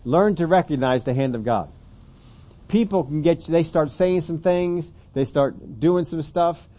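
A man gives a sermon in an easy, conversational way, then lifts into emphatic scripture reading. His voice sits a bit high but sounds mellow and soft-edged. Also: measured pace. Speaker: preacher.

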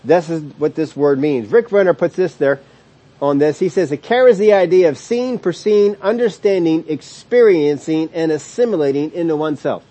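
Emphatic male Bible teacher, slow stresses. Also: fairly high pitch, warm tone. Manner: explanatory, emphatic, with slow drawn-out stresses on key words and frequent restarts; chuckles between points. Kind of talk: sermon teaching.

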